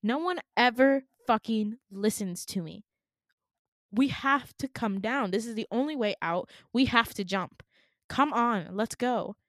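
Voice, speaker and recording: A woman's voice: fairly high pitch, measured pace, no echo, clean studio sound, lightly acted. A woman voicing a blunt young woman who urgently and insistently presses her friend to flee.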